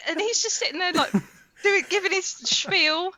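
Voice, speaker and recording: A woman's voice: very high-pitched, moderate pace, sharp tone. A woman co-hosting a podcast in casual chat, giggling and teasing the others. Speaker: podcast co-host.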